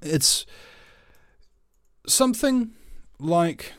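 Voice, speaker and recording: A man delivers a motivational monologue in a slow, deliberate way. He tells it with emphatic, animated storytelling. The recording is dry and close. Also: fairly high pitch, no room sound.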